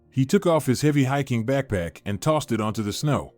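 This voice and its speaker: A man narrating a family story in a steady storytelling manner. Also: medium pitch, fairly quick, no echo, soft background music. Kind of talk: scripted narration.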